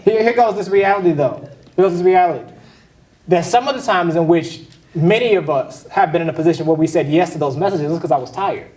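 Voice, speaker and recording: A pastor delivers a loose, conversational sermon, his voice sitting noticeably high for a man. He is heard from some distance in a roomy, echoing sanctuary. He talks casually and drops joking asides to the congregation. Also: brisk, a little mellow. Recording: echoey hall, voice picked up from afar.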